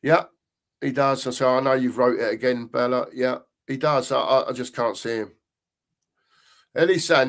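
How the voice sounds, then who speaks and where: An older fan channel host chats through a casual live stream, reading comments as they come in. He speaks at a normal speed with a steady tone and frequent pauses, and his medium-pitched voice sounds a bit bright. He's talkative, rambling, and repeats himself.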